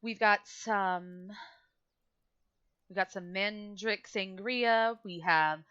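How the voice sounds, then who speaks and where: A woman's voice: medium pitch, extremely slow, fairly bright tone, clean tone. A woman doing a curt tavern keeper. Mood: brisk. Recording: dull lo-fi audio.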